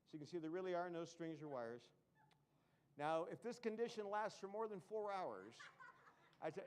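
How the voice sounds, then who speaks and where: A man's voice: high-pitched, lively intonation, brisk, clean tone. A man performing a comedy magic act on a live stage, full of puns and self-mocking jokes. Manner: punning, self-mocking, jokey.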